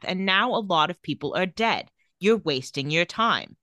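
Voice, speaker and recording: A woman with a bright, sharp voice and a slightly low pitch, recording close to a dry mic with no room sound. She co-hosts a casual recap chat, retelling scenes quickly and reading out the characters' dialogue in an even voice. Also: no room sound. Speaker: podcast co-host.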